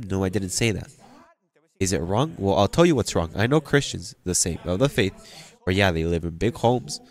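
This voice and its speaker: A man preaching a sermon, plain-spoken and animated, often repeating and restarting his phrases. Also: low voice, normal speed.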